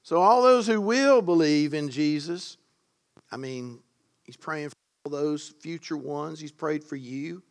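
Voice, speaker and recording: A man's voice: a little high, a little slow. Emphatic man preaching a sermon. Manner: emphatic, rising to loud stresses on key words; conversational asides to the congregation.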